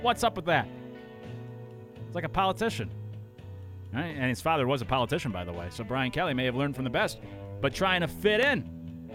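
A man hosting a sports talk radio show, chatty and opinionated, talking into a studio microphone. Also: a little high.

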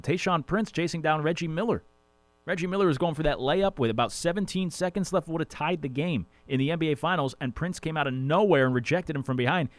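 A man's voice: medium pitch, dry recording. A man hosting a sports radio show, talking casually with rambling jokey asides. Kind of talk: casual sports talk monologue.

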